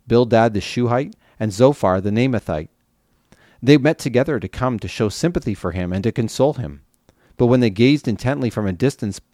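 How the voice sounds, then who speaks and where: A man with a low voice reads scripture aloud in a measured, deliberate way. The sound is dry and close, with no room echo. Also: a little mellow. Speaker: scripture reader. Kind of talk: scripture reading.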